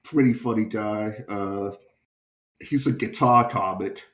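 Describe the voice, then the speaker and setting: A young man with a slightly low voice tells a crude, chuckling anecdote on his podcast. He is a stand-up comic in casual storytelling mode, swearing freely and laughing along with his own tale. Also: takes it slowly, reverberant. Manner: profane, chuckling, animated anecdote-telling. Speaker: stand-up comedian and podcast host.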